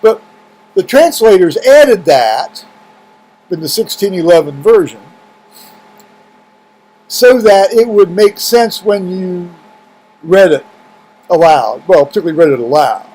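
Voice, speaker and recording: High-voiced man rambling to camera. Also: expressive, unhurried, long pauses, dark tone, breathy edge, poor audio. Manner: rambling, many restarts and fillers. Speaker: video blogger. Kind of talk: casual talk to camera. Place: home room with heaters running.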